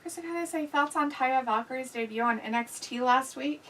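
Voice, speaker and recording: A woman's voice: sits high, moderate pace, a bit bright, far from the mic, low-quality recording. A woman hosting a casual live stream, reading viewer comments aloud and reacting with blunt, crude jokes and frequent laughter. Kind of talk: casual, profane watch-along chat.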